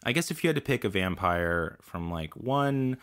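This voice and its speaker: Guy cohosting a podcast, kinda low voice, bouncy delivery, lots of like and um. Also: animated, normal speed, fairly bright tone, clear, resonant tone. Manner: loose, hesitant, leans on "like" and "um". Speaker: podcast co-host. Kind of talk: casual podcast chat.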